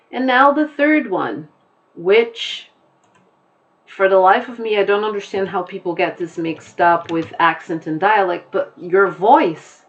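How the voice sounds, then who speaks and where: Slow-talking woman teacher, lo-fi sound. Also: medium pitch. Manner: slow, patient explaining with examples. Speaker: English teacher. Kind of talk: recorded class lesson.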